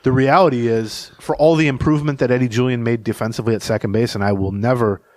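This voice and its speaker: Man, podcast co-host, rambling anecdotes, mid-pitched voice, dry close sound. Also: steady tone, fast, darkish tone, no room sound. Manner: rambling anecdotal storyteller, chuckles while telling stories. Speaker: podcast co-host and beat reporter. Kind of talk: casual sports podcast chat.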